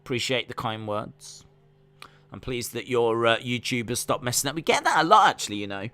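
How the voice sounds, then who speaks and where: A man's voice: mid-range voice, expressive, brisk, pushed and bright. A man with an English accent casually chatting on a live stream, reading out viewer comments in a rambling, self-deprecating way. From England. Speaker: wrestling watch-along streamer.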